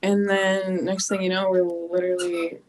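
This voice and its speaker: A woman's voice: lowish voice, little pitch movement, normal speed, low-quality recording. A young adult woman, a podcast guest, chatting casually and telling stories with lots of laughter and acted-out quotes. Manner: bubbly storyteller, laughs often, acts out quotes. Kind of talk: casual interview chat.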